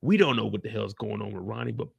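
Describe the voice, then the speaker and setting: A man hosting a casual recap of a TV episode, ranting in an animated, profane, slang-heavy way. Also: lowish voice, fast talker, gravelly, breathy edge, dry recording. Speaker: TV show recap host.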